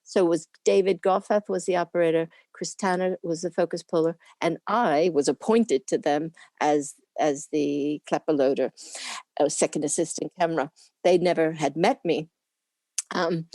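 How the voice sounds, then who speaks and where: An older woman, a former camera assistant, chatting as an interview guest and telling lively stories with frequent laughs. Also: low-pitched, dry recording, studio quality. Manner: lively anecdotal storytelling with laughs; acts out quoted people in put-on voices. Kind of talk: casual interview reminiscing.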